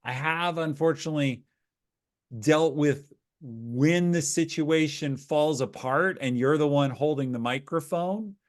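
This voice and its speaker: A man's voice: on the high side, a little slow. A man hosting a live webinar, talking loosely and telling stories, often restarting his sentences. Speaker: host. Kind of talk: casual webinar conversation.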